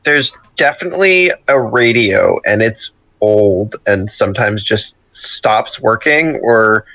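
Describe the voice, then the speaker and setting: A man's voice: on the low side, animated, takes it slowly, sharp tone, no room sound. A man playing a tabletop game, joking and bantering in character. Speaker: player.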